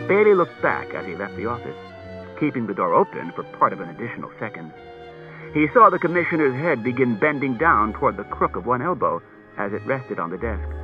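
Male audiobook reader, measured and expressive, lively intonation; tinny cassette sound. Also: medium pitch. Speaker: audiobook narrator. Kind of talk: scripted audiobook narration. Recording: tinny lo-fi cassette tape with faint music.

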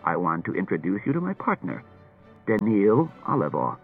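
A man voicing a hard-nosed male police detective who talks brisk and needling, heard through a tinny old radio broadcast. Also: fairly low pitch, big pitch swings, husky, faint music behind, exaggerated voice.

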